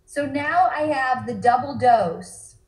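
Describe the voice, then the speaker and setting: A woman in casual chat who eagerly demonstrates drinks and products and talks fast. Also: high voice, lively intonation, a little mellow, roomy sound, poor audio. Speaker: guest showing products.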